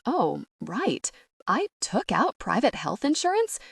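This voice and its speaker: A woman's voice: on the high side, wildly swooping pitch, creaky, slightly rough, dry recording, clean studio sound, voice pushed up, full character voice. A British woman voicing a panicky, incredulous young woman of twenty-eight who has lost her memory. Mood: flustered. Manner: panicky, incredulous, quick bursts.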